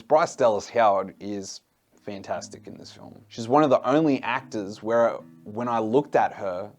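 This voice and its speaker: A man giving a casual film review in a blunt, exasperated way, swearing freely. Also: lowish voice.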